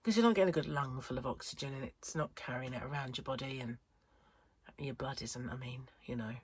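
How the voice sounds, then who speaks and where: Low-voiced tired woman chatting. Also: brisk, breathy edge, dry recording. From United Kingdom. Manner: rambling, chatty, self-interrupting. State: tired, wheezy chest. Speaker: crochet vlogger. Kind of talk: casual chat vlog.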